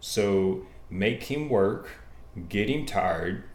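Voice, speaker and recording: Slow-talking, analytical male host. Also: on the low side, lively intonation, a little mellow, echoey room. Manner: deliberate, analytical. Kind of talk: casual livestream fight analysis.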